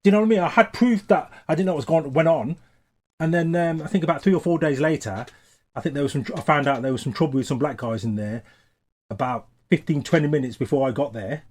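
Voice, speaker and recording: A man being interviewed for a documentary, recounting a memory hesitantly with many "um"s and growing animated as he talks. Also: fairly high pitch, quick pace.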